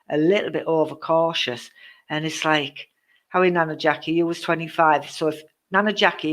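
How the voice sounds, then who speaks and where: A woman's voice: low voice, a bit bright. A woman hosting a live-stream card reading, chatty and teasing her viewers, with many ums. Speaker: psychic card reader.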